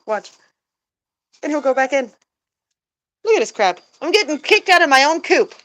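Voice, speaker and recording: A woman's voice: high-pitched, very animated, normal speed, fairly bright tone, low-quality recording. A woman vlogger chatting casually while doing chores in a goose coop, rambling with fillers and chuckles.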